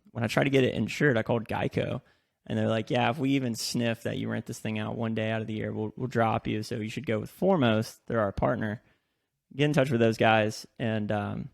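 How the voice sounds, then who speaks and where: A man's voice: fairly low pitch, vocal fry, no echo, studio quality. A man co-hosting a podcast, telling a long anecdote in loose, casual chat, swearing freely and laughing as he goes. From lives in Texas. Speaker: podcast co-host.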